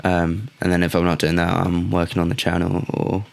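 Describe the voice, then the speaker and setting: A man's voice: low-pitched, little pitch movement, a little fast, gravelly. A young man co-hosting a podcast, chatting in a laid-back, teasing way with some hesitant "um"s. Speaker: podcast co-host. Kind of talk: casual chat.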